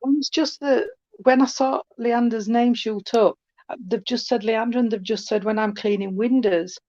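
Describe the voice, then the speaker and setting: Warm-hearted woman medium, chatty, heard over a muffled, dry line. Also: fairly high pitch, fairly even intonation, moderate pace, dry recording. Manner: chatty, affectionate, calls people sweetheart. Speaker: spiritualist medium. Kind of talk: online mediumship reading. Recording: dull, dry call audio.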